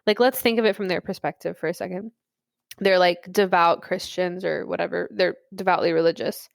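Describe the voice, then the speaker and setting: A woman's voice: fairly low pitch, fairly even intonation, fairly quick, gravelly, no room sound. A woman co-hosting a podcast in casual chat, thinking aloud with lots of "like". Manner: loose and thinking aloud, full of "like". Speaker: podcast co-host.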